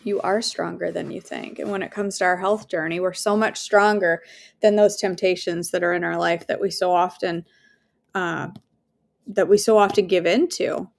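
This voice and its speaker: A woman's voice: on the low side, fairly even intonation, moderate pace, creaky. A woman hosting a daily devotional, talking earnestly and casually and leading a prayer from home. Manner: warm, earnest, conversational, with fillers and asides.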